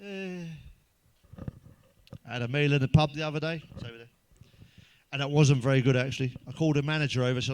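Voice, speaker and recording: A man's voice: mid-range voice, quick pace, pauses often, smooth. A middle-aged man telling blunt, sweary jokes in a rambling comic monologue, chuckling at his own punchlines. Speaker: stand-up comedian. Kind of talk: crude joke-telling monologue.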